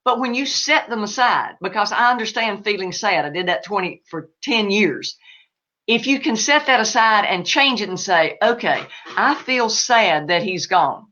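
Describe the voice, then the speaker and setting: A woman answering live questions as an animal spirit medium, emphatic and animated. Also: medium pitch, normal speed, muffled recording.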